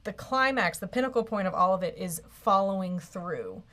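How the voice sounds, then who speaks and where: A woman co-hosting an advice talk, speaking thoughtfully with halting restarts. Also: medium pitch, expressive, bright, forceful tone. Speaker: co-host.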